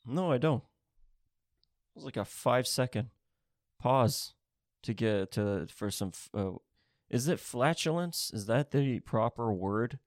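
A man's voice: medium pitch, lively intonation, takes it slowly, long pauses, no room sound, studio quality. A man ranting casually on a podcast, swearing a lot and jumping from one topic to the next. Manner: rambling, swearing, restless, jumps between topics. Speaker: podcast host. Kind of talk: profane comedic rant.

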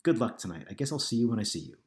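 A man's voice: medium pitch, sing-song, very fast, a little mellow, roomy sound, natural voice. A man reading an audiobook, voicing an upset wife who pleads and accuses with a rising voice. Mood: tearful. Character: upset tearful wife, woman, exasperated. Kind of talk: audiobook character voice.

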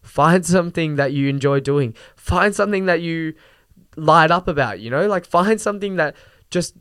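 A young man with a fairly high voice hosts a podcast, ranting casually at a normal speed in a smooth, dry recording. He's animated, swears now and then, and fills his talk with lots of fillers and laughs.

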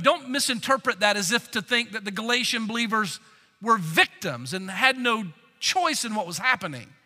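A man preaching an expository sermon, reading scripture and explaining it with emphatic swings from loud to quiet. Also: very high voice. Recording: long hall reverb.

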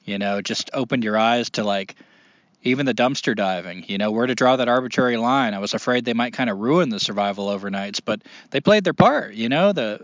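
A man's voice: medium pitch, brisk, dry recording, muffled recording. A man hosting a casual podcast, talking in an earnest, rambling way with many fillers. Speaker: podcast host.

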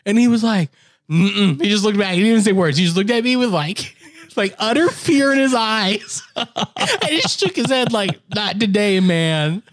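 A man's voice: sits high, animated, normal speed, no room sound, clean studio sound. A man telling a story in casual chat, acting out quotes and laughing often.

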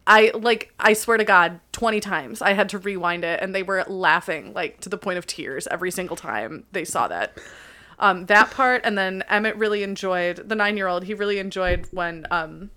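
A woman's voice: medium pitch, normal speed, bright, forceful tone. A woman in her twenties, chatty and laughing easily as she shares her take in a casual podcast chat. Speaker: podcast co-host.

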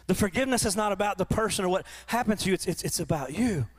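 A man preaching a sermon to his church, often repeating and restarting words, and rising into animated quoted voices. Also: sits high, fast. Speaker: pastor. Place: church in front of a congregation.

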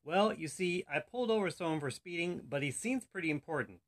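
A man's voice: a little high, lively intonation, fairly quick, voice pushed up, close to an everyday voice. A man voicing a nervous male traffic cop who reports hesitantly over the radio. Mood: uneasy.

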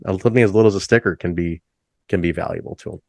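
Middle-aged band guy, low-pitched, dry close sound, easygoing and profane; pitch jumps on story peaks. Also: racing, creaky, a little mellow, no echo. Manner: laid-back, swears freely, says "like" often, jumps high when acting out stories. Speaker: band musician, interview guest. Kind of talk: casual storytelling chat.

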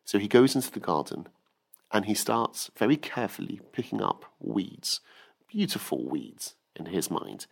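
A man's voice: fairly low pitch, very animated, moderate pace, creaky. A man giving an earnest weekly Torah talk who tells stories and acts out the quotes. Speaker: rabbi teacher.

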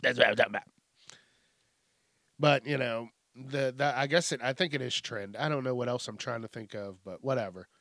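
Mid-range and a bit bright, this man's voice moves fairly quickly with hardly any pauses. The studio-quality recording has no echo. A middle-aged podcast host, he rants profanely through the news for laughs, rambling and interrupting himself mid-sentence.

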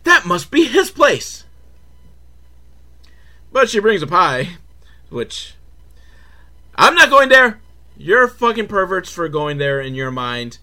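A man's voice: fairly high pitch, sharp tone. A man hosting a comedic film recap, talking sarcastically and profanely with laughing asides. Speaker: host.

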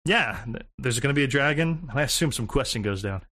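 Man, podcast co-host, mid-pitched, jokey and easygoing, quick to laugh. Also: animated, sharp tone. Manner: jokey, laughs often, swears. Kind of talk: casual gaming chat.

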